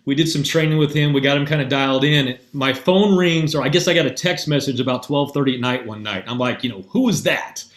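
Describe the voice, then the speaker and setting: A man telling a coaching story in a casual, lively way, playing out what each person said. His voice sits in the middle range and carries a roomy, echoey sound. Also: medium pitch, brisk, hardly any pauses. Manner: animated, acts out both sides of dialogue. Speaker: mental performance coach.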